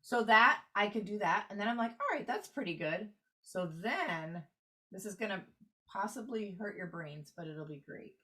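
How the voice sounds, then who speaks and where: Woman clarinet teacher on a video call, patient step-by-step explainer, mid pitch. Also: moderate pace, bright, forceful tone. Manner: explanatory, walks through steps while annotating. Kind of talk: online workshop lesson.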